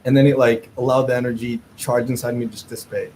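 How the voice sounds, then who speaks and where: A man guest telling a lively, rambling anecdote in a casual chat, full of fillers. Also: mid-range voice, fast, a little hiss or hum, poor audio.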